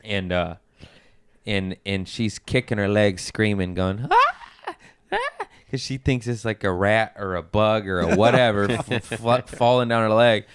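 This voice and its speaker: Brief: man, lowish voice, smooth and clear, crude animated storyteller, dry studio sound. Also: moderate pace, dry recording. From Mexican-American family. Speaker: podcast guest. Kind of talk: casual podcast chat.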